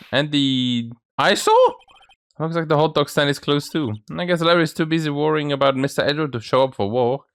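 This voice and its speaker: Man reading game dialogue, lively pitch. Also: clean tone, no room sound. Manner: reads lines for several game characters with shifting pitch. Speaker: gaming channel host. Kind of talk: reading game dialogue aloud in a let's play.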